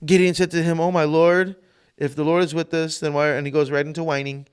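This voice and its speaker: A man's voice: on the high side, level tone, a little fast, clean tone. A male pastor preaching a livestreamed sermon with fervent intensity, repeating phrases for emphasis.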